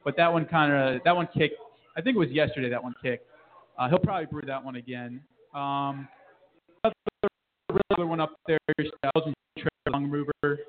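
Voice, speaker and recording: A man's voice: a little high, fairly quick, crowd noise. A man who works at a brewery, casually explaining its beers with many hesitant fillers. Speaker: brewery staff member. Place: brewery bar. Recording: tinny phone-like sound.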